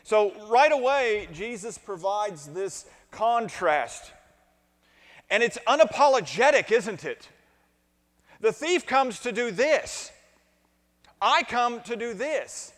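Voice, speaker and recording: A man preaching a sermon as pastor, deliberate at first and building to emphatic points, asking the congregation to repeat after him and answer his questions. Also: high voice, sing-song, fairly bright tone. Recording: long reverb of a large hall.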